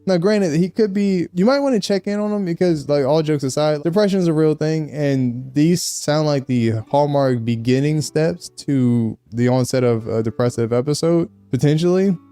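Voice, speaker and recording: A man's voice: fairly high pitch, moderate pace, hardly any pauses, warm tone, clear, resonant tone, dry recording. A man hosting a relationship advice show, answering letters in a frank, joking way with blunt slang and frequent laughs.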